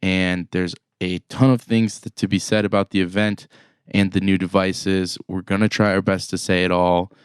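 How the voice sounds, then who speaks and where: This business news podcast co-host has a deep, smooth voice at normal speed and a level tone, recorded at studio quality without echo. He recaps the news in a casual chat full of fillers and restarts.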